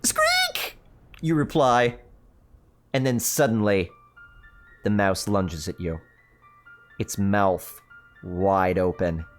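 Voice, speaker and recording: A man's voice: sits low, slow, pauses often. A man hosting a livestream, reading a spooky choose-your-own-adventure book aloud in a theatrical, playful way with joking asides. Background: faint background music.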